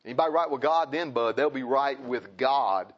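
A man preaching a sermon, impassioned and repetitive, swinging from loud emphasis to quiet pleading. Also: medium pitch, moderate pace. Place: church. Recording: dull lo-fi recording.

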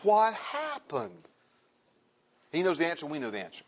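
A man preaching a sermon in an emphatic, animated way, calling out to the congregation. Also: fairly high pitch, rapid-fire, muffled recording.

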